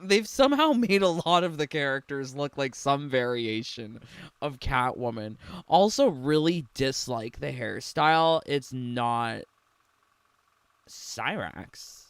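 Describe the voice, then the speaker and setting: A man's voice: mid-range voice, animated, takes it slowly, a bit bright, clear, resonant tone, no room sound. A young man giving casual, sarcastic reaction commentary on a game trailer, laughing often and filling his talk with "like". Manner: sarcastic, giggly, filler-heavy.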